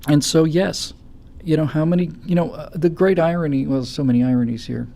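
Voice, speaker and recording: A man hosting a political talk show, giving impassioned commentary with stammering restarts that build to loud, forceful stretches. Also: fairly high pitch, steady tone, fairly quick, vocal fry. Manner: forceful, stammering restarts, rising to near-shouting. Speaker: show host.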